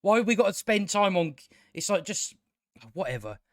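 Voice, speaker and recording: A man rambles through a TV review in a slightly higher than usual voice, recorded dry and close. He trips over his words and restarts often, and he swears freely as his exasperation spills into a rant. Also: big pitch swings, moderate pace, no echo. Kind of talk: casual spoken review.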